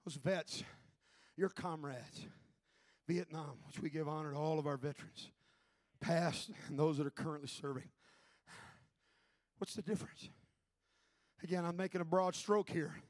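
A man preaching a Pentecostal sermon, shouting his points with rising fervor and then dropping low to tell a story. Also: normal speed, long pauses, no echo. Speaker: pastor.

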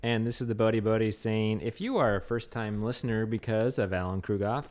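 A man's voice: fairly low pitch, fairly quick, few pauses. A man hosting a podcast, chatting casually and a little haphazardly as he reads plugs and introduces nicknames. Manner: relaxed, joking, stumbles over plugs. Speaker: podcast host.

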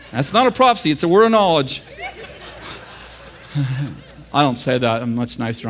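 A man's voice: fairly high pitch, big pitch swings, normal speed, pauses often, fairly bright tone. An American man preaching a sermon in a church, joking with the congregation and laughing at his own lines. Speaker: pastor. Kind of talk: sermon teaching.

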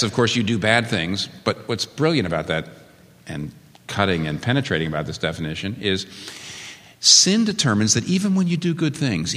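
A male pastor delivers a sermon in a low voice that swings widely in pitch, climbing high on the points he stresses. He preaches with earnest, emphatic conviction. His voice carries a long reverb, as in a large church hall. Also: a bit bright.

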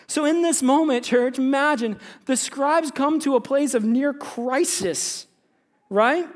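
A man's voice: extremely high pitch, takes it slowly. A pastor preaching a sermon, speaking straight to his congregation and slipping into the voices of the people in his story. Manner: animated, addresses congregation directly, acts out biblical characters.

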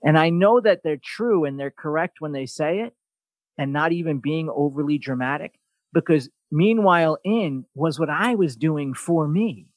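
A man with a somewhat high voice, speaking at normal speed, hosts a casual podcast where he tells stories bluntly, swears a lot, and adds sarcastic, mocking asides. The animated delivery comes through a dry recording.

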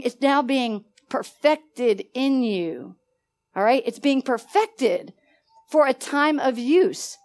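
A woman preaching a sermon with animated energy. She laughs often and prompts her listeners to finish her sentences. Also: high-pitched.

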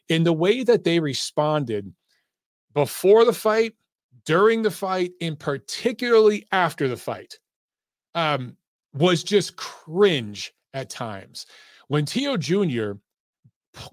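A middle-aged man holds forth on a boxing podcast, swearing and hammering his points home over and over. His voice sits a little high for a man. The sound is close and dry, with no room around it. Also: dry recording. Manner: profane, emphatic, repetitive. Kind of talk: casual ranting commentary.

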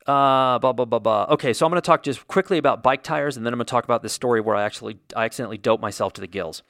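A man's voice: medium pitch, racing, fairly bright tone, no room sound. A man delivers a solo podcast monologue in a mid-range voice, blunt and opinionated, ranting freely and swearing now and then. The sound is dry and close, with no room around him. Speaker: podcast host.

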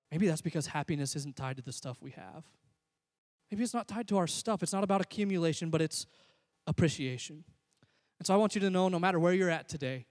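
A man preaching a sermon as a pastor, energetic and building to near shouts. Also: fairly high pitch. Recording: long hall reverb.

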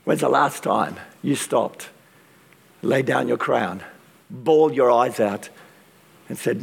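A man preaching a sermon with passion and dramatic pauses, his voice strained from use. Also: medium pitch, vocal fry, breathy edge. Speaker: pastor. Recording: long reverb of a large hall.

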